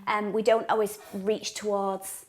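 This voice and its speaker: A woman's voice: mid-range voice, flat delivery, a little slow. Woman, parenting show co-host, earnest, encouraging, mid-range voice. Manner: earnest, encouraging, thinks aloud with restarts. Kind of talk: casual studio chat.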